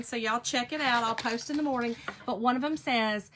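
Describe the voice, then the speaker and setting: A woman's voice: fairly high pitch, fairly quick, few pauses, fairly bright tone, slight background noise. A woman hosting a chatty crafting live stream, rambling and laughing as she talks to her viewers while she works. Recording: clicking noises in the background.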